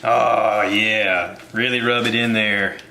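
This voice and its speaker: A man's voice: lowish voice, flat delivery, sharp tone, echoey room, a little hiss or hum, exaggerated voice. A man doing a gushing TV chef impression. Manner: drawn-out enthusiastic exclamations. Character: gushing male TV chef, over-the-top, sensual.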